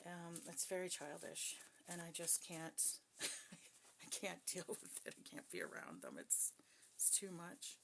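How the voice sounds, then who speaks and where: A woman's voice: fairly low pitch, very animated, a little slow, gravelly, a bit bright, slight background noise. A woman who is a psychic reader, talking casually and bluntly to her viewers, with plenty of swearing and emphasis. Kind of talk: casual personal talk to viewers.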